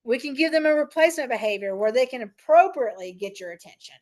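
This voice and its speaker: A woman's voice: high voice, expressive, fast talker, a little mellow. Chatty woman leading a parent training. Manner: conversational, frequent "right?" and "um". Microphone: meeting recording.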